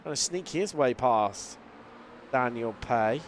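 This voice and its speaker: A man calling a sim race as a live commentator. He has a lingering cold, talks in a lively play-by-play with fillers and mid-sentence restarts. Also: mid-range voice, slow pace. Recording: voice over loud race car noise. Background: racing car engine sounds.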